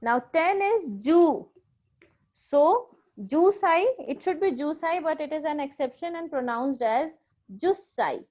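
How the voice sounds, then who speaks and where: A woman's voice: high-pitched, animated, measured pace, darkish tone. A woman with an Indian accent teaching a Japanese class, patiently drilling pronunciation and repeating each word. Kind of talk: classroom language lesson. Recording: dull lo-fi recording.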